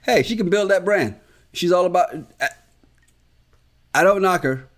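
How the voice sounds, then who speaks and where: A man's voice: high-pitched, normal speed, a bit bright. A man from the Caribbean co-hosting a podcast in casual recap chat, blunt and swearing freely. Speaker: podcast co-host.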